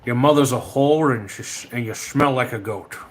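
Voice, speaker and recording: A man putting on a rough, insulting older Scottish-accented man as an exaggerated impression. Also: mid-range voice, moderate pace, natural voice. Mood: mock insulting. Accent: Scottish (put on).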